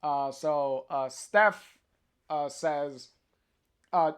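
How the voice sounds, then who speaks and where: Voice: medium pitch, takes it slowly, a bit bright. A livestreamer reading a comic aloud on stream, hesitant with many filler sounds and chatty asides to viewers.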